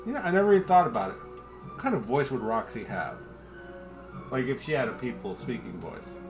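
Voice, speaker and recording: A man's voice: mid-range voice, sing-song, a little fast, music in the background. A man rambling casually on a home livestream while drinking, joking at his own expense, swearing freely and chatting to his dog. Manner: rambling, profane, self-deprecating. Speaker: livestream host.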